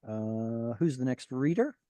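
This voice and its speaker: A man leads an online class over a video call, his voice dark and mellow and the sound dry. He explains patiently, slows down to spell out phrases, and often stops to search for words, with fillers and restarts. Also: medium pitch, expressive, clear, resonant tone, dry recording. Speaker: Hebrew teacher.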